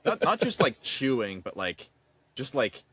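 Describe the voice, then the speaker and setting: A man co-hosting a podcast, chatting casually with animated, expressive swings in his delivery. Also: medium pitch, a little slow, breathy edge, no room sound. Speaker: podcast co-host. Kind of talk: casual chat.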